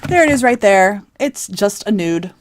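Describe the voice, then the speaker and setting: A woman with a croaky voice from a cold, chatting casually as she unboxes a beauty box for her vlog. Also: medium pitch, animated, normal speed, slight background noise. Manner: chatty, rambling with fillers. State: hoarse from a cold. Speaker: beauty vlogger.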